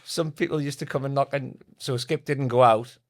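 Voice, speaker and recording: A man's voice: medium pitch, fairly even intonation, moderate pace. A man, telling football anecdotes in a chatty, laughing podcast conversation. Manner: chatty, laughing storyteller who reads out stories sent in. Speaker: podcast co-host.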